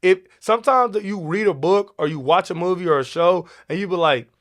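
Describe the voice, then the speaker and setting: A man hosting a podcast, talking in a casual, animated way with many restarts and an African American English lilt. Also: sits high, a little fast. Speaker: podcast host. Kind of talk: casual teaching talk.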